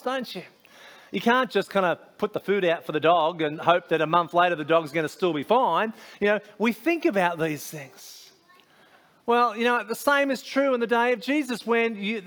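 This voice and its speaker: A man's voice: sits high, a bit bright. A man preaching a sermon as a pastor, conversational, with frequent fillers and restarts.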